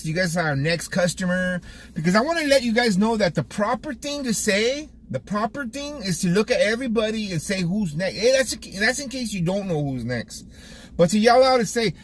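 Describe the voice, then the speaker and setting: A man's voice: high voice, a little hiss or hum. A man who owns a barbershop, talking casually to his viewers in a vlog with a Californian accent and a lot of repeated words and restarts, as if coaching younger barbers. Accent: Californian English. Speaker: barbershop owner and vlogger. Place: driving around town, then in his barbershop.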